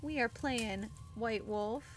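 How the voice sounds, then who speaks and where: Slow-talking giggly woman streamer. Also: a little high, slight background noise. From United States. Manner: giggly, tired and chatty, talking to chat. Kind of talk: casual live-stream chat.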